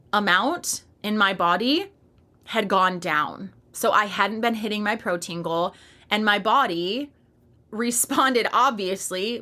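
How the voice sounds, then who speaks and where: A woman in her thirties speaks straight to her listeners in a solo podcast monologue. Her voice is bright and forward, and her delivery is emphatic, candid and fired up. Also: medium pitch. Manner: passionate, emphatic, candid with casual swearing. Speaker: podcast host and fitness coach.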